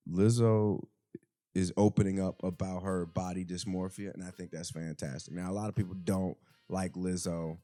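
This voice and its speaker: A man hosting a casual podcast monologue, swinging between loud exclaiming and low muttering, with many restarts. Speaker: podcast host. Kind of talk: casual monologue on current events. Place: home.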